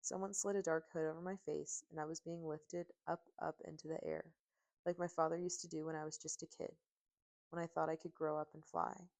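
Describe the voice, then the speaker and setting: A woman narrating a first-person audiobook in steady, emotive storytelling on a close mic. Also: low voice, brisk.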